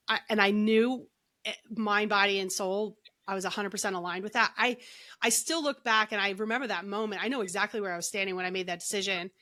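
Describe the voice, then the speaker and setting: A woman's voice: mid-range voice, fast, bright, forceful tone. A middle-aged woman, a guest on a podcast, telling her story in a chatty way, full of "like" and restarts. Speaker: guest, energy healer and author. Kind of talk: casual podcast interview storytelling.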